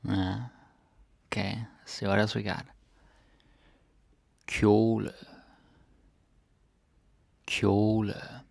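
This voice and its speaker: Male teacher, very low and gravelly, dry close sound; drills words one at a time. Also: little pitch movement, darkish tone, dry recording. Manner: slow, repeats each word, tags phrases with "eh?" and "ikke?". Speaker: Danish language teacher. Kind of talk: language lesson, repeating words with translations.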